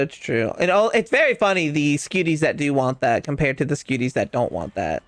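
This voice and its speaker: A man's voice: a little high, very animated, a little fast, a bit bright, no echo. Teasing man streaming a game. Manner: playful, teasing, boastful. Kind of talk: casual gaming chat.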